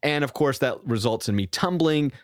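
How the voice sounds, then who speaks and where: A man chatting on a podcast, his pitch swinging widely as he tells a story and acts out what others said. The sound is dry and close. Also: normal speed, clear, resonant tone, no echo. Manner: animated storyteller, acts out quoted voices. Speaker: podcast co-host. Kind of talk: casual podcast chat.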